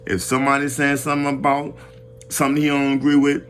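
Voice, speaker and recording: A man's voice: fairly high pitch, a little fast, fairly bright tone, a little hiss or hum. A man giving a casual, slang-heavy boxing commentary rant, talking animatedly and restarting his phrases often.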